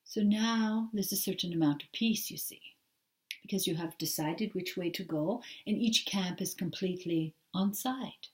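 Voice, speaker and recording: A woman channeling a patient, genderless spirit that speaks as "we" and explains its ideas in a calm, unhurried way. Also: medium pitch, distant mic, natural voice. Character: gentle collective spirit, genderless, patient teacher. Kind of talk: trance channeling talk.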